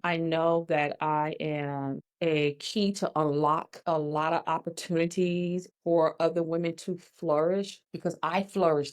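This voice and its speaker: A middle-aged woman, a guest in a casual interview, telling her story in a lively way and acting out what people said. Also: sits low. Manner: animated storyteller, acts out quoted dialogue.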